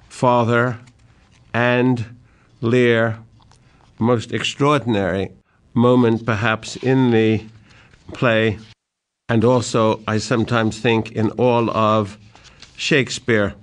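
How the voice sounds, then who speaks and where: An older man giving a literature lecture, speaking slowly and deliberately and reciting verse lines with emphasis. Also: mid-range voice.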